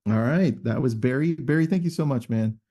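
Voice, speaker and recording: Jokey male host, mellow voice. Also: medium pitch, brisk. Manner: upbeat, joking, friendly banter. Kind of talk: live video call interview.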